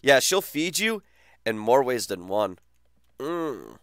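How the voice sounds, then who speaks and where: A male gaming streamer chats casually with his viewers, full of crude, teasing banter. His voice is smooth and resonant and sits in an ordinary middle register. The sound is dry and close, with no room around it. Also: mid-range voice, very animated, takes it slowly, a bit bright, no echo. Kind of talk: casual live-stream chat.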